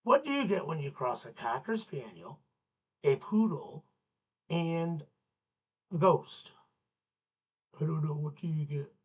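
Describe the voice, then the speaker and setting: A man's voice: a little high, lively intonation, slow, long pauses, slightly rough. A man hosting a children's learning show, leading songs and jokes and bantering playfully with his puppets. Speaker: children's show host and teacher.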